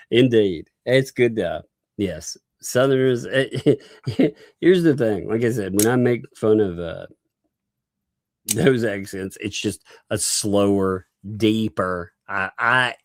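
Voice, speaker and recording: A livestream host with a Southern US accent laughs often as he reads viewer messages aloud in a casual stream. His voice sits on the low side, recorded dry and at studio quality.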